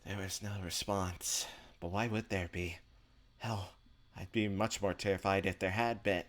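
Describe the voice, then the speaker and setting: Man, deep voice, casual let's play reader, noisy recording with clicks. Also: fairly even intonation, unhurried, fairly bright tone. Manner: casual, offhand asides between read lines. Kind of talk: casual let's play, reading visual novel text aloud.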